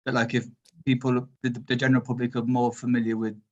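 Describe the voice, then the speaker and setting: A man's voice: medium pitch, little pitch movement, fast talker, darkish tone, highs cut off. A man on a webinar video call, asking polite, apologetic questions while thinking aloud.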